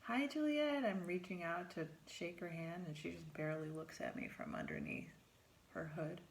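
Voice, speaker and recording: A middle-aged woman, a therapist, telling a first-person story, acting out her own lines in a higher voice and dropping to a whisper for her inner thoughts. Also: level tone, normal speed, creaky, slight background noise.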